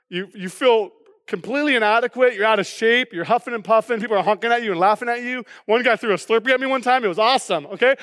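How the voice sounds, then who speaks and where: Brief: high-pitched male pastor, chatty humorous sermon delivery, big reverberant church hall. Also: fairly bright tone. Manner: casual, joking preaching with frequent "okay?" asides.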